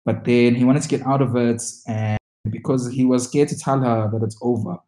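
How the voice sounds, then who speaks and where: A co-host chatting in a casual reality-TV recap, exclamatory with quick asides. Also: mid-range voice, steady tone, mellow. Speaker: podcast co-host. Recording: echoey room.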